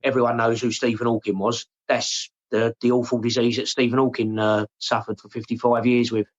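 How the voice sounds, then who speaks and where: An English man in his forties, talking openly and haltingly in an interview, often repeating his words and saying "mate". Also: medium pitch, little pitch movement, muffled recording. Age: 40s. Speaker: podcast guest. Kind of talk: emotional personal interview.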